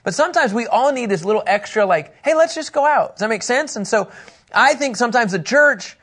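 A man with a high voice teaches a Bible lesson in a room. He is animated and joking, acts out little scenes and talks with the people there. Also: a little fast, slightly rough.

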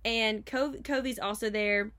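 A woman's voice: a little high, steady tone, measured pace, a bit bright. Chatty giggly woman improvising a story. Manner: chatty, filler-heavy, bursts into giggles.

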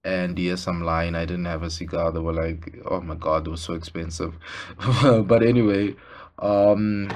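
Young man, podcast host, very low voice, rambling, self-mocking, casual. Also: fairly even intonation, measured pace, a little mellow. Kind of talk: casual solo podcast talk.

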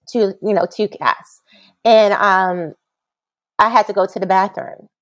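Casual, animated woman storyteller who plays out the quoted voices, podcast guest. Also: no echo. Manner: animated, acts out quotes with big pitch jumps and laughs. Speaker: podcast guest, massage therapist.

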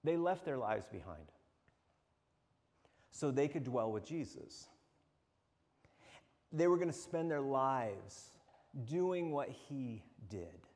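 A man preaching a sermon as pastor, animated and often restarting or repeating words as he goes. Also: mid-range voice, takes it slowly, long pauses. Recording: long hall reverb.

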